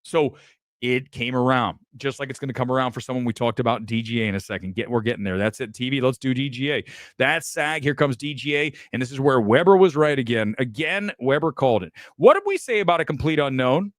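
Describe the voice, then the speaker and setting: Brash, cocky male film-show host, swooping animated delivery, dry close mic. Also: a little fast, dry recording. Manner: brash, boastful, profane, animated swings of pitch. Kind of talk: opinionated live stream rant.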